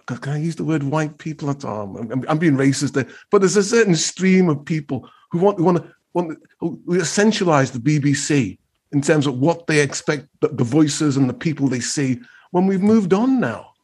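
A man's voice: fairly high pitch, normal speed, a little mellow, husky. A man co-hosting a review show, arguing animatedly and stumbling over his words as he goes. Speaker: regular co-host. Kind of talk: lively opinion chat.

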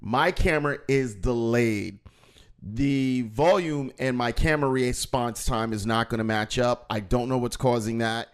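A man's voice: mid-range voice, measured pace, smooth. A man, a comedian hosting a casual live stream, joking and telling stories with playful put-on voices. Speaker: comedian and show host.

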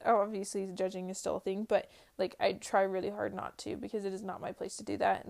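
A woman's voice: medium pitch, vocal fry, a little mellow. A woman in her early twenties giving an earnest, casual faith-based personal talk, full of "like" fillers. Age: early 20s. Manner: earnest, uses many "like" fillers. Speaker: vlogger.

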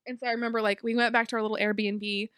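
Young woman podcast cohost, slightly high voice, rambly storytelling, dry close mic. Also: little pitch movement, fairly bright tone, smooth, dry recording. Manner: rambling storytelling with quick bursts and laughter. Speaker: podcast co-host. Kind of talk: casual chat.

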